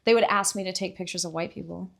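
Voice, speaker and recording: A podcast guest, a woman from Puerto Rico, talks in relaxed conversational chat. She tells her stories with energy and often leaps into high, playful voices to act out the people she met. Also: quick pace, gravelly. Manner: animated, acts out voices with big pitch jumps. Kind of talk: casual storytelling chat.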